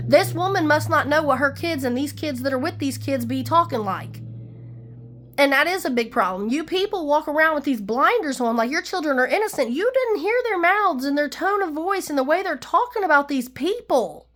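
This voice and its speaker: High-voiced woman ranting emphatically. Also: lively intonation, moderate pace, a bit bright. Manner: emphatic, rambling, heated. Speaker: vlogger. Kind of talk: ranting personal monologue.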